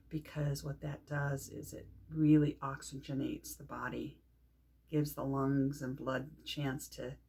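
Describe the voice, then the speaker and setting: Husky-voiced woman guiding a meditation. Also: low voice. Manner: calm, unhurried, speaks with pauses and soft fillers. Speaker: meditation teacher. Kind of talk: guided grounding meditation.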